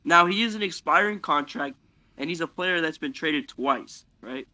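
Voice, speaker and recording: A man's voice: fairly high pitch, animated, normal speed, bright, forceful tone, no room sound. A man appearing as a podcast guest, giving blunt, emphatic opinions in a casual chat.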